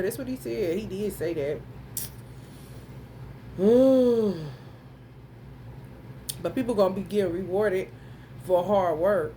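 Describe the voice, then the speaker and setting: A woman's voice: mid-range voice, takes it slowly, pauses often, warm tone, slight background noise. A woman giving a casual astrology reading, talking bluntly and profanely straight to her viewers, with frequent exclamations. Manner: blunt, profane, emphatic, addresses viewers directly; breaks into frequent laughter and exclamations. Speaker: tarot reader.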